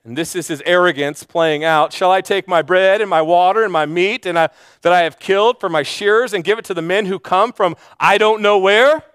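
Dry, animated preacher man with a high voice. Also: fairly quick, clear, resonant tone, dry recording. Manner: animated storytelling, acting out the characters' lines. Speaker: pastor. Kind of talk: sermon.

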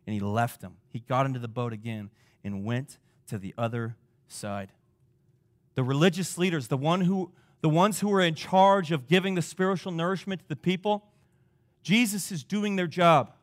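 A man preaching a sermon as pastor, emphatic, asking rhetorical questions and swinging from loud to soft. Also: fairly high pitch, moderate pace.

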